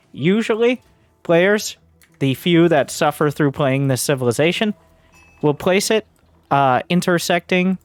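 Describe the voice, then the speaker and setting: A man's voice: fairly high pitch, dry recording. A man coaching as he reviews gameplay, blunt, sarcastic and profane. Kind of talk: game coaching commentary.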